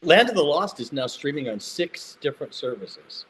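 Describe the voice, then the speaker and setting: An older man from Mississippi, a guest telling animated, self-mocking stories in a casual chat. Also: a little high, moderate pace, crowd noise. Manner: jokey, animated anecdotes with self-mocking humor. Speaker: guest actor. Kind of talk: casual storytelling.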